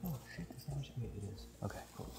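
A man hosting a night ghost hunt outdoors by a cemetery, joking and quick to laugh as he calls out to spirits. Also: medium pitch, lively intonation, gravelly. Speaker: ghost hunting host. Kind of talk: casual chat to camera and to spirits.

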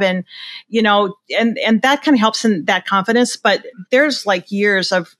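A woman's voice: medium pitch, unhurried, fairly bright tone, dry recording. An older woman, a portrait photographer, talking in a casual interview with enthusiasm and many restarts. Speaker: senior portrait photographer, guest.

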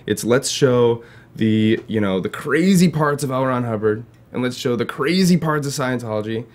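A man's voice: medium pitch, expressive, normal speed. A man talking in a casual panel discussion, hesitant and skeptical, with lots of fillers.

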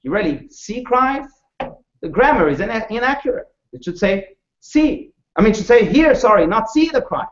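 A male rabbi teaches a class with expressive storytelling, his voice rising and falling in pitch and loudness. He speaks a little higher than most men and often turns questions to his listeners. The sound is dull and lo-fi, and the room echoes. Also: brisk, hardly any pauses. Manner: asks the audience questions. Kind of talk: storytelling lecture to a live audience.

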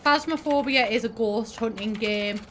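A woman's voice: on the high side, normal speed, a bit bright, slight background noise. A woman chatting casually on a gaming stream through a headset, swearing and laughing with a friend.

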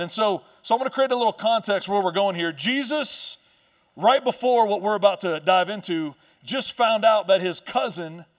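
A male pastor with a high voice preaching in a loose, joking storyteller manner. He turns the story over with quick asides and playful lines. His voice sounds a little away from the mic. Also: a bit bright, distant mic. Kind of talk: sermon. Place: church stage.

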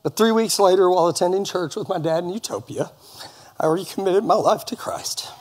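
A middle-aged man stands before his congregation to give an earnest personal testimony. He talks in a folksy way, slips in gentle jokes, and his voice sits a little high for a man. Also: brisk. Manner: earnest, folksy, with light humor. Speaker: congregation member giving testimony. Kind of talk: personal testimony at church service. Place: church service in front of a congregation.

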